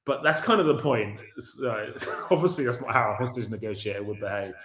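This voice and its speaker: A man's voice: mid-range voice, fairly quick, fairly bright tone. A man, a film writer and director, chatting as a guest in an interview, laughing often and acting out his characters' lines. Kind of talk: casual interview chat. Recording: roomy echo.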